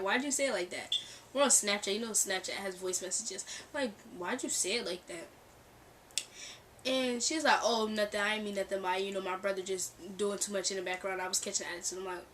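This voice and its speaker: A young woman chats through a personal story, switching into lively voices for what others said and breaking into laughs. Her voice sits a little back from the mic. A faint hum of the room and passing cars comes from behind her. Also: mid-range voice, a little fast, distant mic. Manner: animated, acts out quoted dialogue, laughs often. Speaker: storytime vlogger. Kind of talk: casual storytelling. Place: bedroom near a street. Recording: mic set back, faint background ambience. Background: cars passing outside.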